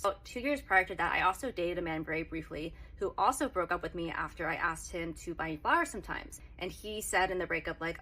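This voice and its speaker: A woman's voice: on the low side, brisk, few pauses, pushed and bright. A woman telling a personal dating story in a chatty, earnest way. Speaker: TikTok creator. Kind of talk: casual storytelling advice.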